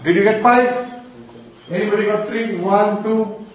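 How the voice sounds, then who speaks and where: A man teaching mantras to a group, quizzing his listeners emphatically and chanting verses slowly. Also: high-pitched, fairly even intonation, slight background noise. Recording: echoey room, distant mic.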